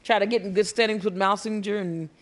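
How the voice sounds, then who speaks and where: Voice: mid-range voice, steady tone, fast. A person commenting casually and jokingly on a video game.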